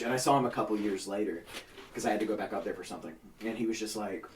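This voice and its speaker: A man's voice: on the low side, fast talker, far from the mic. A man on a podcast telling a long story in casual chat among friends, swearing freely and acting out what other people said. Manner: profane, animated, acts out quoted people. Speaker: podcast co-host.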